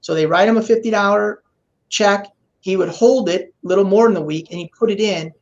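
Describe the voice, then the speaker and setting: A man's voice: high-pitched, brisk. A man telling a long business story on a podcast, on a dull, lo-fi line. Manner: storyteller acting out quoted voices. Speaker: guest expert.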